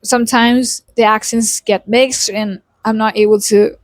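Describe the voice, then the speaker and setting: A woman's voice: a little high, fairly even intonation, unhurried, no echo, studio quality. Young Indian woman, chatty accent tutorial. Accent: Indian English shaped toward American. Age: young adult. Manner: chatty, adds tag questions and fillers like you know. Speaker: YouTuber teaching accent. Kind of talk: casual tutorial vlog.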